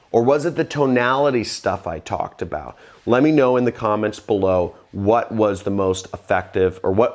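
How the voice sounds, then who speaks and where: Man, lowish voice, video host, direct-to-camera sales tips, emphatic, confident. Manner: emphatic, confident, trails off low and quiet at phrase ends. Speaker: online business vlogger.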